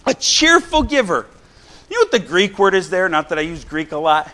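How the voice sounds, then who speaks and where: Animated preacher, higher voice. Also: male voice, fast. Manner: animated and conversational, with rhetorical questions and asides to the congregation. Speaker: pastor. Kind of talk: sermon. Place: church sanctuary.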